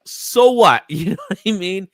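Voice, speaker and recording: A man's voice: high-pitched, lively intonation, measured pace, no echo. A man hosting a comics market show, chatting casually and laughing often. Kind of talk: casual chat.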